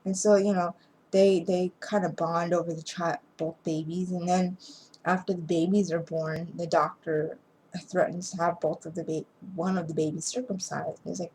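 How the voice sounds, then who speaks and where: A woman with a lowish voice talks through a film's plot in a loose, rambling way, often stopping and restarting mid-sentence. She sounds sleepy, as though she has just been yawning. A faint hiss sits under the home recording. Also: level tone, warm tone, low-quality recording. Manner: rambling, halting retelling with many restarts. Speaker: amateur movie reviewer. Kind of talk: casual spoken movie recap.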